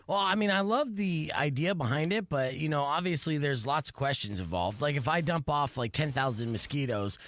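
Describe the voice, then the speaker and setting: Hiccuping radio host with lively pitch. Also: male voice, moderate pace, few pauses, dry recording, studio quality. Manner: rambling, jokey, interrupted by hiccups. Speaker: podcast host. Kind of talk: casual radio chat.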